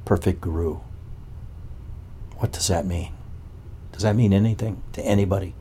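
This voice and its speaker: A man's voice: deep voice, steady tone, moderate pace, warm tone, slight background noise. A man as a spiritual teacher, giving a talk to a gathering and asking one probing rhetorical question after another.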